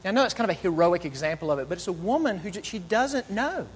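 A man's voice: quick pace, slight background noise. Preaching man in a reverberant hall. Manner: animated preaching, voicing quoted speakers, drops to soft low tones. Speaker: pastor. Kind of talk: sermon.

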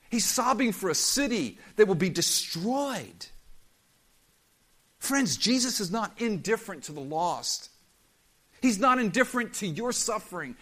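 Male pastor, high tenor, emphatic and impassioned sermon delivery. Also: bright, forceful tone. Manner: impassioned, emphatic preaching with dramatic quoted voices.

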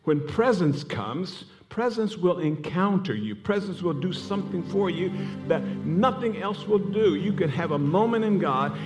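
A man preaching a sermon in a church, telling stories with laughing asides and rising passion. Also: a little high. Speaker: pastor. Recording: music playing behind.

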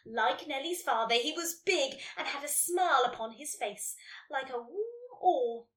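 Animated woman narrator for a kids' story read, high bright voice. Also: measured pace. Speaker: podcast host reading a listener story. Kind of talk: storybook reading. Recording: roomy echo, distant mic.

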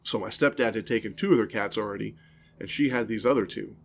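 A man's voice: fairly low pitch, fast talker, gravelly, slight background noise. A man co-hosting a podcast, telling long, rambling stories and laughing at them in casual chat. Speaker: podcast co-host.

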